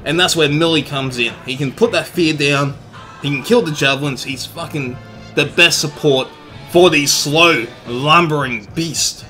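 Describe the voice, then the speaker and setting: A man gives casual, excitable game commentary, swearing freely and joking between explanations. His voice sits a little high and sounds bright and forceful. Quiet music plays behind him. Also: a little slow. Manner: energetic, jokey, profane. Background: faint background music.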